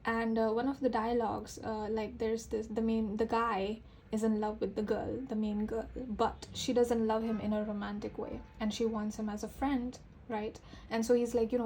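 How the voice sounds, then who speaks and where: A woman giving a casual tarot reading straight to her viewers, chatty and full of fillers, her voice rising as she gets excited. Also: on the high side, normal speed, few pauses, slight background noise, low-quality recording. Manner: excitable, voice rises with enthusiasm. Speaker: tarot reader.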